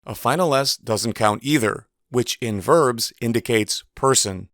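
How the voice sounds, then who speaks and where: A man giving a measured, precise instructional voice-over as a teacher. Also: medium pitch, a bit bright, no echo, clean studio sound. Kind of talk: scripted instructional narration.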